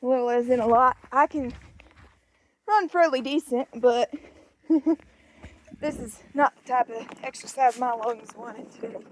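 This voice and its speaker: Slow-talking young woman ranch vlogger. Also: fairly high pitch, slight background noise. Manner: rambling, self-joking, chatty. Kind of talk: casual vlog chat while doing chores. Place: outdoors on a ranch. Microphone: handheld phone.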